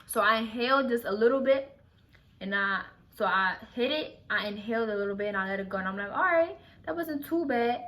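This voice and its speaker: A woman's voice: mid-range voice, fairly even intonation, brisk, pushed and bright. A young woman from Philadelphia telling a casual story to her vlog audience. She talks in loose, slangy, profane speech, full of "like", and often restarts her sentences. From Philadelphia, USA. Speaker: vlogger.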